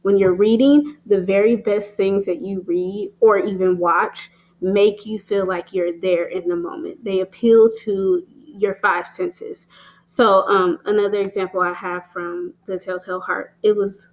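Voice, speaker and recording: A woman explains literary terms in a steady teaching voice. She stops often with "um" and "so", then reads short example lines aloud before going back to explaining. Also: medium pitch, unhurried, poor audio. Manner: plain, patient explaining with frequent "um" and "so".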